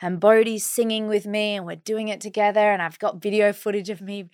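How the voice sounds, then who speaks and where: A woman in her thirties with an Australian accent, co-hosting a podcast and telling a personal story in a casual, animated way. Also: mid-range voice, fairly quick, clean tone, no room sound, clean studio sound. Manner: animated, acts out her own quoted words. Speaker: podcast co-host.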